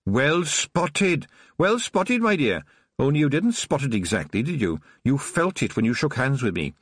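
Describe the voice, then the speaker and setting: Man doing an old witch woman, sugary, menacing, lively swoops, dry sound. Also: mid-range voice, normal speed, no room sound, voice pushed up. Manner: gleeful, honeyed, menacing. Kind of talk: audiobook character voice.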